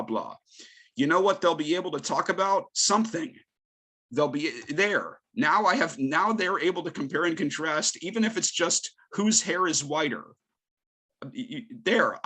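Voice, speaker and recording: A male English teacher giving a conference talk, emphatic and lively, firing off rhetorical questions. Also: a little high. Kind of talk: conference presentation.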